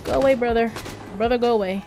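A woman streaming a shooter game, reacting with loud cries to the Lord and rapid repeated words. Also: on the high side, faint music behind. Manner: excitable, exclaims to the Lord and Jesus, repeats words fast. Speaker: gaming channel host. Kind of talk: live gameplay commentary.

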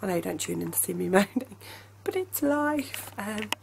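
A woman's voice: mid-range voice, expressive, moderate pace, creaky, background noise. A young woman in casual vlog chat at home, chatty and apologetic, laughing often, speaking through a headache. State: has a headache. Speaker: family vlogger. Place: home, indoors.

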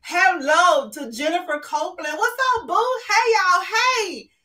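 A woman hosting a casual livestream chat, loud and exuberant, greeting viewers with laughter over a video call. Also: very high voice, lively intonation, measured pace, far from the mic, rough recording. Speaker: host.

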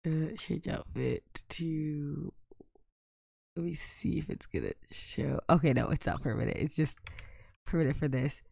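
A young woman giving casual gameplay commentary, exasperated and prone to loud outbursts. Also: sits low, a little slow, creaky, husky, no echo, clean studio sound. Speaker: gaming YouTuber.

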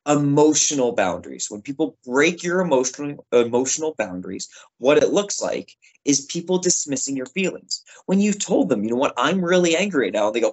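A man teaching a lesson to children. His voice sits at an everyday middle pitch. He talks in a chatty, lively way and acts out little example phrases along the way. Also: poor audio. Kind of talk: classroom lesson for kids.

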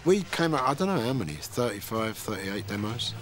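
A musician being interviewed, talking in a cheeky, blunt way and swearing freely. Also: male voice, on the low side, very animated, fairly quick, background noise. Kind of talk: reflective interview talk. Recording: music playing underneath.

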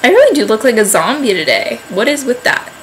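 A woman's voice: a little high, huge pitch swings, brisk, slight background noise, rough recording. A young woman vlogging to camera at home in a rambling, chatty way, filling her talk with "like". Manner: rambling, chatty, heavy use of "like". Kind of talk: casual vlog chat to camera.

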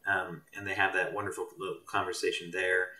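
A man's voice: deep voice, level tone, fairly quick, pushed and bright, recorded from a distance. A man, a mental health professional, talking thoughtfully as a guest in a casual discussion. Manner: thoughtful, meandering. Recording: roomy, off-mic.

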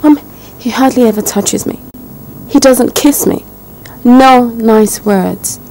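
A wounded, spoiled young fiancee. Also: female voice, fairly high pitch, takes it slowly, a little mellow, a little hiss or hum, low-quality recording. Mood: aggrieved. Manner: indignant, complaining. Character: spoiled, wounded young woman, a rich man's daughter. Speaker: jilted fiancee.

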